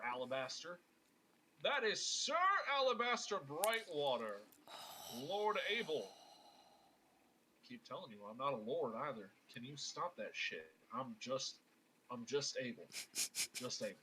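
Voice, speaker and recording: A man's voice: a little high, big pitch swings, measured pace, bright, forceful tone, a little hiss or hum, exaggerated voice, poor audio. A man voicing a weary, exasperated sailor with a Southern US accent. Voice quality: dry, exasperated. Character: weary gruff male sailor servant.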